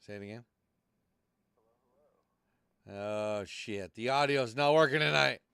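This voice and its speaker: A man's voice: mid-range voice, slow pace, vocal fry, a bit bright, smooth, dry recording, clean studio sound. A man hosting a live podcast stream, talking loosely and cursing as he rambles through tech troubles. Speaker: podcast host. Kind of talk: casual live-stream chat.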